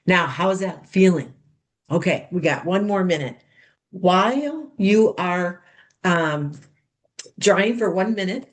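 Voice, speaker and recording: A woman coaching others how to run a skincare party, demonstrating steps in a bubbly, chatty way and calling the group "you guys". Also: mid-range voice. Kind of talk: hands-on demonstration talk.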